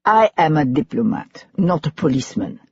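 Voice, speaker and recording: A narrator voicing a curt, dismissive middle-aged French diplomat with a French accent, on a dull lo-fi recording. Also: male voice, fairly high pitch, very animated, moderate pace, darkish tone, breathy edge, full character voice. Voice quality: dismissive, clipped.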